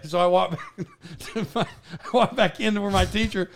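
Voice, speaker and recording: A man's voice: high-pitched, moderate pace, a bit bright. A man hosting a podcast, telling a school story in casual chat, rambling and laughing with many restarts. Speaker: podcast host.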